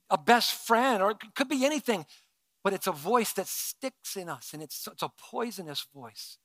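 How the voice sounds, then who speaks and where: High-voiced man preaching a sermon. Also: no room sound. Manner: earnest, swings from soft to emphatic. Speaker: pastor.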